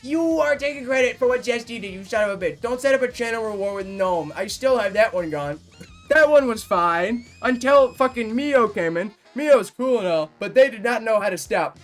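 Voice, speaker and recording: A young man of about nineteen talks loosely to his viewers in a high, light voice. He rambles between thoughts and swears freely, snapping into playful indignation before drifting on, with soft music playing in the background. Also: animated. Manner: rambling, swearing, quick to mock outrage. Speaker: livestreamer. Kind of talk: casual chat with viewers.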